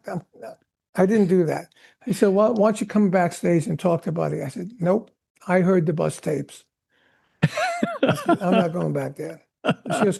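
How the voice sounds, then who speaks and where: An older man, a veteran drummer, telling animated stories in a podcast interview and acting out the voices of the people he quotes. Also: sits high, vocal fry, breathy edge. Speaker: guest drummer.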